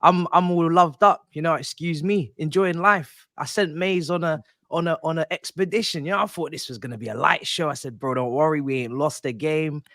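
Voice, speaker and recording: A man's voice: a little high, brisk, few pauses, a bit bright, no room sound, studio quality. A man, a football fan panelist delivering a theatrical, mock-indignant rant.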